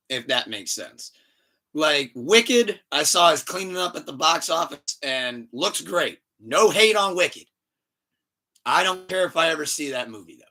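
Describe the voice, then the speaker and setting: A bright, forceful male voice pitched a bit high, hosting a casual podcast. He tells stories with animated energy and profanity, and laughs often. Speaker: podcast host.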